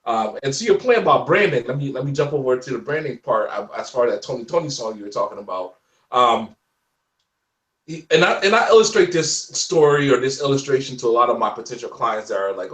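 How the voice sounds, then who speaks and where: A man in his forties telling stories in a casual interview chat, animated and laughing often. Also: mid-range voice, a little fast, reverberant, recorded from a distance. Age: 40s. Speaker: guest.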